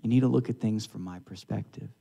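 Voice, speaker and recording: A man voicing God as a calm, patient, fatherly man who gently corrects. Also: fairly low pitch, fast, gravelly, husky, voice pushed down. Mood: gently correcting.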